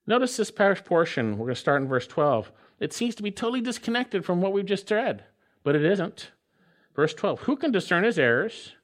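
A man preaching a sermon as a pastor, emphatic and slowing down to stretch out repeated phrases. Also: on the high side. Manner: emphatic preaching with slow drawn-out repetitions.

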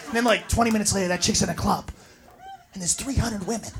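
A stand-up comedian doing a loud, profane routine on a club stage, acting out characters. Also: male voice, high voice, fairly even intonation, fast. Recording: live club with crowd noise.

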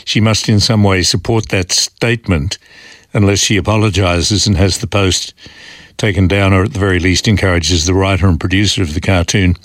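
Low-voiced Australian man hosting radio. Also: fairly even intonation, no room sound, clean studio sound. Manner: measured, thinking aloud with frequent uh and restarts. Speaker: fill-in radio host reading listener messages. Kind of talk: casual talkback radio. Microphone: studio microphone.

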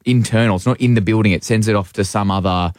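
Young man, animated storytelling, lowish voice, dry studio. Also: fast, no echo. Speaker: guest, play director. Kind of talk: casual radio chat, storytelling.

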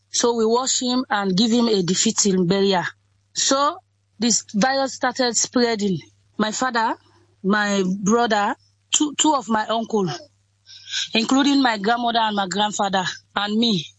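A woman in her twenties from Sierra Leone, with a Sierra Leonean accent, speaks in a fairly high voice. Her sentences are short and halting, and she often says things twice. The sound is dry and close. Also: no room sound, rough recording. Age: 20s. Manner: simple halting sentences, repeats herself. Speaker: interviewee, Ebola survivor. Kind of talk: interview over a phone or call.

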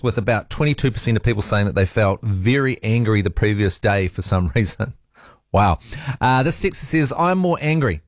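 A New Zealand man hosts a talkback radio show with a slightly low voice. He reads listener texts in an easy, chatty way and laughs readily. The sound is close and dry, like a studio microphone. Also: no room sound. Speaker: radio talk show host.

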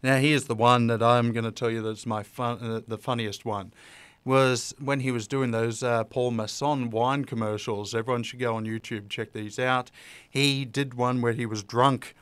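A man's voice: medium pitch, fairly even intonation, normal speed, fairly bright tone, clean tone, dry recording. A man hosting a casual, unscripted monologue, chatty and easygoing, with fillers and restarts along the way.

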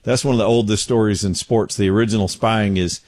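Folksy middle-aged guy doing his talk show from a home studio, kinda low voice, dry sound. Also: steady tone, a little fast, a little mellow, dry recording. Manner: folksy, joking storyteller. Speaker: radio show host. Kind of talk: casual talk show chat.

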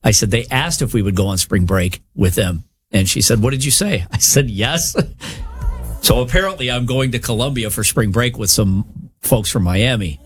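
A man's voice: mid-range voice, moderate pace, faint music behind. A man in his fifties co-hosting a podcast, telling self-mocking stories and acting out what people said in casual comedic chat. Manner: storytelling, self-mocking, acts out quotes. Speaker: podcast co-host.

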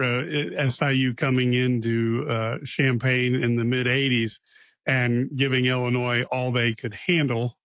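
Relaxed man hosting a sports chat. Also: mid-range voice, no echo. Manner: relaxed, filler-heavy. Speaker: sports podcast host. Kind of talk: casual sports talk.

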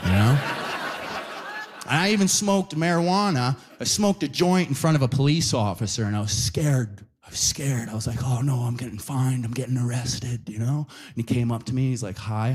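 A young adult man doing a stand-up comedy set to a live audience, animated, tagging his lines with "right?" and "you know?". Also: mid-range voice.

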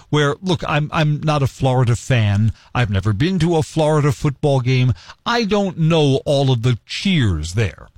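Lively, slow-talking male radio host. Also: no room sound. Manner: earnest, opinionated, animated with sudden high bursts when acting out chants. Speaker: radio talk show host. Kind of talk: radio talk commentary. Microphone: studio microphone.

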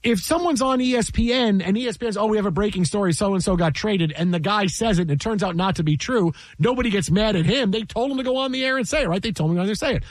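A man's voice: high voice, fast talker, hardly any pauses, no echo. A man who works in sports broadcasting tells a story in casual chat, exasperated, repeating himself and acting out what people said.

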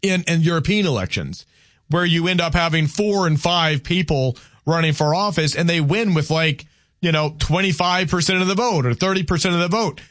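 A man co-hosting a casual political chat in a fairly high voice. He talks in halting bursts and repeats words while he works out his point. The recording is dry and close to the mic. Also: a bit bright, dry recording. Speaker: co-host.

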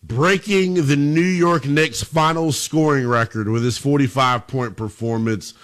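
A man's voice: medium pitch, measured pace, fairly bright tone. A man hosting a call-in sports radio show, chummy with callers and calling them brother and pal.

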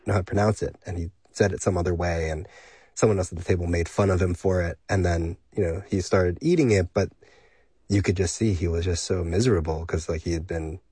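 A man hosting an interview, asking long, relaxed, rambling questions. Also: deep voice, a little fast, husky, no room sound.

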